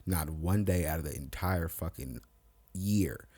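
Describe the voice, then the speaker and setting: A man in a casual, profane chat, talking emphatically about army life. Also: measured pace. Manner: emphatic, swings pitch when excited. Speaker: podcast co-host.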